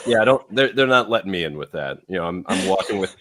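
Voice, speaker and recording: A man's voice: low-pitched, animated, moderate pace, fairly bright tone, no echo. A man co-hosting a podcast, talking in a rambling way with many fillers. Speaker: co-host. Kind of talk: casual podcast chat.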